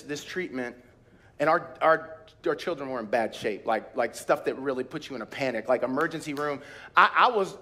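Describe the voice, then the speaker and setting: A male pastor preaching at a church retreat, telling personal stories with acted-out voices and bursts of shouted praise. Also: a little high.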